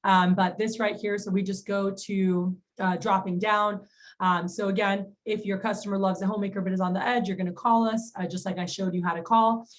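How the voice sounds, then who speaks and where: A woman's voice: medium pitch, little pitch movement, brisk, poor audio. A woman giving a sales training talk in a chatty storytelling manner, retelling phone calls with quoted lines. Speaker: sales manager.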